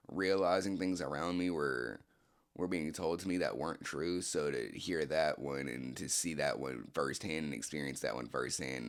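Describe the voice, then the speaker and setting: A laid-back man tells a rambling, slang-heavy story to a friend, his voice deep and gravelly. He talks into a game headset during an online party chat, restarting sentences as he goes. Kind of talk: casual storytelling. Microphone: game headset in a console party chat.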